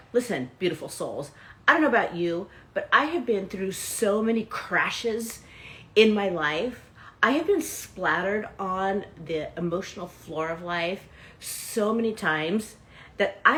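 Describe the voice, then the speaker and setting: A woman's voice: medium pitch, fairly bright tone. A woman hosting a live motivational self-help talk, chatting directly with her viewers. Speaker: host and self-help coach.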